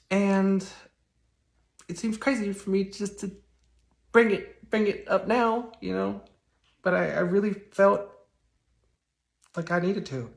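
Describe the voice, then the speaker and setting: A man telling a personal story on a confessional livestream, soft-spoken and halting with many restarts. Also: sits high, creaky, echoey room. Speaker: network marketing recruiter.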